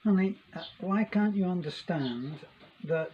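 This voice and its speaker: A man's voice: high voice, animated, a little slow. A man co-hosting a casual video chat, teasing with dry humor. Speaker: co-host. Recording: dull recording with faint noise.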